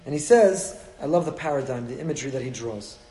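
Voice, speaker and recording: A man's voice: mid-range voice, animated, fast, warm tone, big-room sound. A man teaching a Torah class as a rabbi, asking rhetorical questions and acting out lines from the text as he explains them. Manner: asks rhetorical questions and acts out quotes from the text. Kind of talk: animated Torah lesson.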